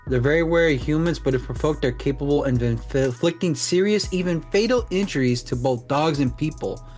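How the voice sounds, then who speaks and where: A man co-hosting a casual podcast, loud-mouthed and quick with profanity. His voice sits a little higher than most men's. He cracks jokes and pushes the others along. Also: faint music behind. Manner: brash, profane, joking. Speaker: podcast co-host.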